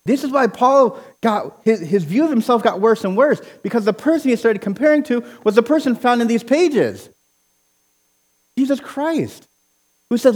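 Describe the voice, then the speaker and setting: A man preaching a sermon with passion, near to yelling at times, often repeating words as he starts a phrase. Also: extremely high pitch, lively intonation, moderate pace. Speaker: pastor.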